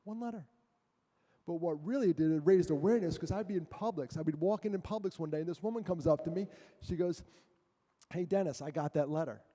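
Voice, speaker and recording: A male guest speaker telling a personal story to a church audience, animated and self-mocking, with jokes between the serious parts. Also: a little high, fairly quick. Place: church hall. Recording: long hall reverb.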